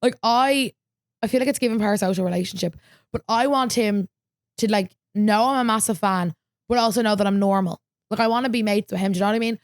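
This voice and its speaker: A woman's voice: medium pitch, fast, no echo. Young woman rambling thru a story on her podcast, lots of likes, dry close sound. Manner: chatty storytelling, filler-heavy, quotes herself. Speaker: podcast host. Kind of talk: casual chat.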